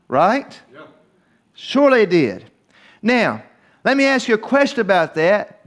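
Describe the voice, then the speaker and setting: A man preaching a verse-by-verse Bible study in a church, emphatic and repetitive, not from Australia. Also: high voice. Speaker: pastor.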